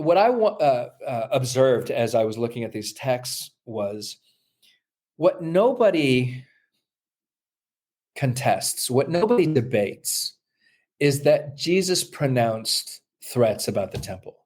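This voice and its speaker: A mid-pitched man explains scripture like a seminary teacher in conversation. He talks in a thoughtful, halting way, full of ums and false starts, and now and then acts out the voices he quotes. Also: darkish tone. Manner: thoughtful, halting, many fillers and restarts. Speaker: New Testament scholar, guest. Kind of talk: explaining in an interview.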